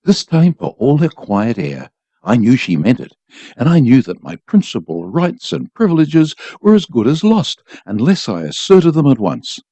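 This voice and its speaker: A man's voice: medium pitch, very animated, normal speed, vocal fry, warm tone, no room sound. A man reading a short story aloud for a volunteer radio program, telling it expressively.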